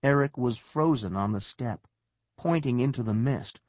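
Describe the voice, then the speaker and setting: A man narrating a children's story with expressive storytelling. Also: mid-range voice, normal speed, no echo, lo-fi sound. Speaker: audiobook narrator.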